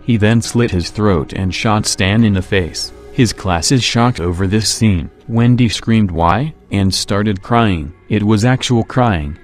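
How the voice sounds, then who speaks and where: A man with a low voice reads a horror story aloud in a plain, steady manner. Soft background music runs faintly under his narration. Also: a little slow, few pauses. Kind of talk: creepypasta reading.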